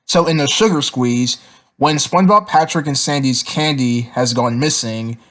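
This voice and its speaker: A man's voice: mid-range voice, a bit bright. A man casually reviewing cartoon episodes, rambling with lots of fillers and repeated words.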